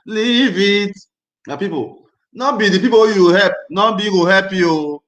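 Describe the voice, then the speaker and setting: Tense and angry, a man hosting a casual livestream keeps repeating himself with emphasis and agitation. His voice is high and fairly bright, his pace unhurried, and the rough recording has an echoey room sound.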